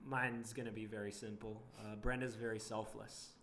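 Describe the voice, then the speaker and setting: A young man in a relaxed chat with friends. He speaks earnestly and reflectively, often breaking into light laughter. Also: lowish voice, moderate pace, slight background noise. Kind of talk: casual couples chat.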